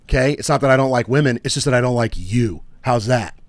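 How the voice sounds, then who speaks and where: This young co-host sounds tired after an illness as he rambles and jokes through loose podcast banter, drifting off with filler words. His medium-pitched voice moves fast, and the recording is dry.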